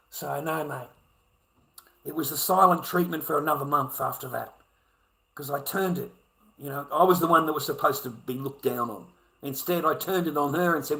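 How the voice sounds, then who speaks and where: Aussie bloke ranting on a stream, lots of swearing, pitch a bit high, mutters then yells. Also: male voice, normal speed, gravelly, poor audio. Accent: Australian. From Australia. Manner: swearing, repetitive, swings from muttering to shouting. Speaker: livestream ranter. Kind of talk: profane off-the-cuff rant.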